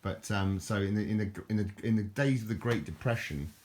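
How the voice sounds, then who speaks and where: A vlogger with a lowish, darkish voice speaks fairly quickly. He's an older man from southern England with the accent to match, chuckling and rambling to camera while repeating words and restarting sentences.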